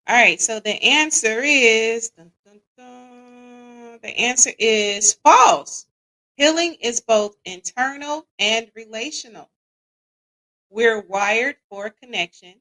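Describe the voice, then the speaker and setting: A woman's voice: a little high, takes it slowly, sharp tone, poor audio. A woman hosting a live podcast in casual chat, reading listener comments aloud and quizzing them. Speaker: podcast host.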